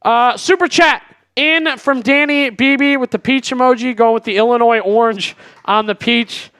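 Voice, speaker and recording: High-voiced chatty male stream host. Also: fairly even intonation, moderate pace, fairly bright tone, smooth, no echo. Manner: chatty, reads viewer super chats aloud. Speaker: sports show host. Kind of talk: casual live stream chat.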